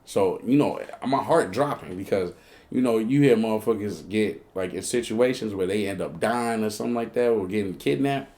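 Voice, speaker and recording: A man's voice: normal speed, darkish tone, slight background noise. Slangy Chicago man telling a wild story. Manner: slangy and profane, acting out both sides of the dialogue; breaks into high, squeaky outbursts when telling panicked moments. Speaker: storyteller host. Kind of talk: casual comedic storytelling.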